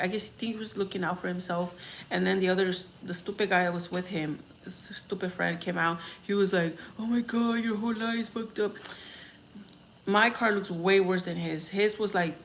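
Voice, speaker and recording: A woman's voice: on the low side, fairly even intonation, normal speed, a bit bright. A young woman talking casually on a livestream, reading comments and telling a story in a frank, rambling way with swearing. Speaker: vlogger on a livestream. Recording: faint background noise.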